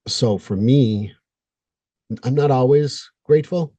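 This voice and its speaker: A man's voice: mid-range voice, slow, mellow, dry recording. A man hosting an interview podcast, a therapist who talks bluntly and jokes around, pushing for real talk. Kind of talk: casual interview chat.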